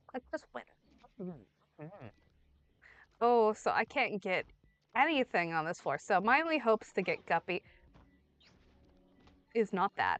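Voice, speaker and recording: A young woman streaming a video game, talking to it as she plays, pleading, yelling and swearing freely. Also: a little high, no echo. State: under the weather. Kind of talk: casual gameplay commentary. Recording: dry close mic with faint game music.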